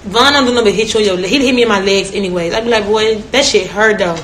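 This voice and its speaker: A woman's voice: mid-range voice, racing, a bit bright. A young woman telling stories in a casual chat, brash and profane, often laughing. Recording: echoey room with faint noise.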